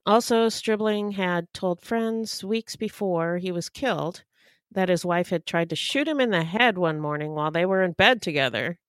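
A woman's voice: fairly low pitch, normal speed, no room sound. A woman co-hosting a casual true-crime podcast, reading case details steadily and adding dry quips. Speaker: podcast co-host.

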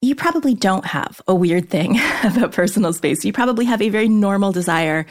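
A woman's voice: medium pitch, animated, fairly quick. A woman answering a listener's letter with frank, direct advice in a conversational way. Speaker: advice columnist.

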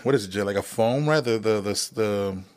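A man's voice: lowish voice, normal speed, darkish tone. A young man, a guest in a casual interview, telling a long personal story with many fillers and restarts.

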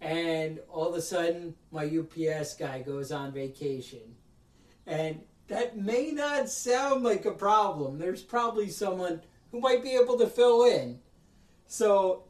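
High-voiced man ranting in an echoey room. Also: a little slow, a little mellow, recorded from a distance. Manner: ranting storyteller, acts out other people's lines. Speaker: podcast host. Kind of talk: casual podcast chat.

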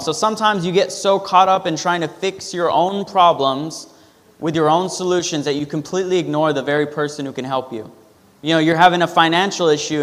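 A man's voice: high-pitched, big-room sound. A male pastor giving a sermon, telling a personal story in a loose, conversational way with fillers and restarts.

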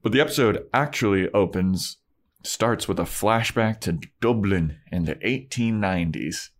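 A man with a low voice talks through a TV episode on a podcast. He keeps it loose and joking, and slips into goofy voices for the characters. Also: normal speed. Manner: loose, joking, does silly voices when retelling scenes. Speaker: podcast co-host. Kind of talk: casual chat recapping a TV episode.

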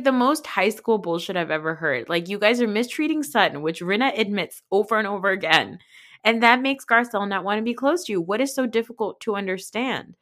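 A woman's voice: mid-range voice, fairly bright tone. A woman hosting a podcast, recapping a reality show in casual, blunt, exasperated chat and swearing freely. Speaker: podcast host.

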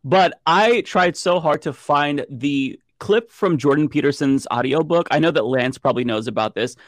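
A man on a panel over a video call, talking in an animated, emphatic way. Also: fairly high pitch, moderate pace, no room sound. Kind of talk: casual panel chat.

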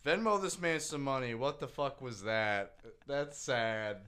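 A man's voice: medium pitch, unhurried, clear, resonant tone. A young man co-hosting a casual podcast, swearing freely and joking, smoking as he talks. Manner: loud, swearing, jokey, slips into goofy put-on voices. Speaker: podcast co-host. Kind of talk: casual chat. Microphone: studio mic.

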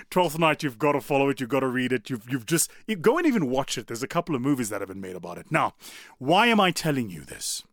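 A man giving a motivational talk in an animated, conversational way, often turning to the audience. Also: medium pitch, fast, no room sound, clean studio sound. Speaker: public speaker.

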